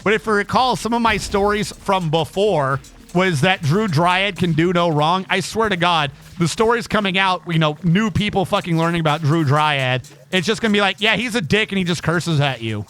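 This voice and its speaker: A man with a high, bright voice rants through a casual gaming livestream, swearing constantly and tripping over his words in quick restarts. Soft music plays faintly behind him. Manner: profane, stammering, heated ranting. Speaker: streamer.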